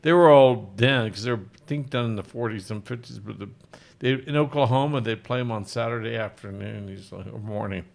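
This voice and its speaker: A man's voice: medium pitch, brisk, gravelly. A middle-aged male physician hosting a live Q&A, chatting casually and rambling with self-deprecating jokes. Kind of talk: casual live-stream chat.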